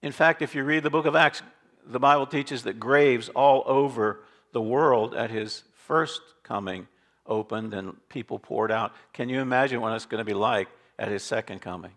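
A man preaching a sermon as pastor, reading scripture aloud and swinging between loud declarations and quiet asides. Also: medium pitch, moderate pace. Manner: reads scripture aloud with emphasis.

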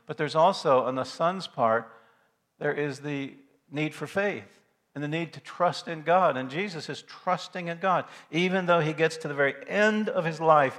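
A male pastor delivering a Sunday sermon in a church. His preaching is earnest and emphatic, doubling back on phrases and swinging from ringing emphasis to near-whispered hushes. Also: mid-range voice.

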